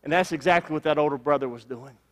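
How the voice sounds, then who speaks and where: A man preaches a sermon with a high voice that rings through the long reverb of a church sanctuary. He stresses his points through repetition and stretches out key phrases. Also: fast talker. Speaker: pastor.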